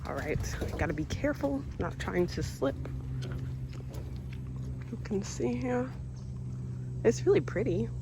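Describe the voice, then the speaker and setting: A woman walks an outdoor nature trail with her phone in hand, talking nervously to the camera about being scared in casual vlog style. She speaks unhurriedly in a sing-song, mid-range voice with long pauses, and background noise is audible.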